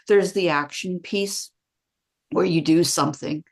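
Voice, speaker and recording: Lively woman telling stories. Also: lowish voice, normal speed. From Canada. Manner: lively, acts out quoted dialogue. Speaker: podcast guest, bioenergetics practitioner. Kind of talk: casual interview storytelling.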